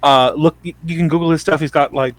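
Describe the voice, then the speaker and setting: A man's voice: fairly high pitch, fairly even intonation, quick pace, no echo. A man co-hosting a podcast, chatting casually and adding background trivia about the show. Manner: chatty aside-giver, offers background trivia. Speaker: podcast co-host.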